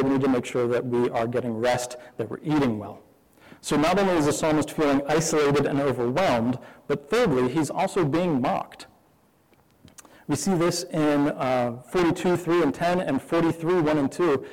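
Candid male pastor preaching in a hall. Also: on the high side. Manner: candid, conversational, many rhetorical questions. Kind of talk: sermon.

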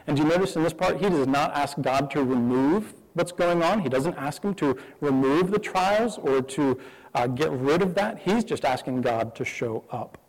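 A man's voice: a little high, long reverb tail, low-quality recording. A man preaching a sermon as pastor, candid and conversational, asking the listeners many questions.

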